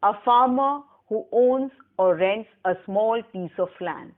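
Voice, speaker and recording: A woman's voice: fairly high pitch, phone-quality sound. A woman lecturer, giving a recorded lesson and carefully spelling out words for students. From Pakistan. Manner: slow, deliberate teacher's delivery, spelling words aloud. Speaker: English lecturer.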